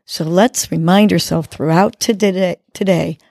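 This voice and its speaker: A woman's voice: mid-range voice, expressive, takes it slowly, darkish tone, no room sound, clean studio sound. A woman hosting a podcast, guiding a breathing exercise and giving encouraging, coaching words. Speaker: podcast host. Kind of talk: guided breathing and motivational talk.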